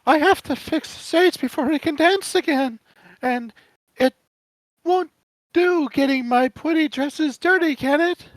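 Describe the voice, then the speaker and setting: A vain, fussy showgirl speaks in a high, prissy falsetto, put on by a man. The sound is dry and close, with no room around it. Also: unhurried, dry recording, rough recording. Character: prim fussy showgirl woman, vain about her dresses.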